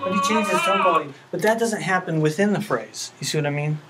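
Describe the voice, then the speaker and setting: This lecture comes from a male music professor with a voice on the high side and a quick pace, captured on a low-quality recording. Earnest throughout, he poses rhetorical questions to the class and hums melodies as he teaches.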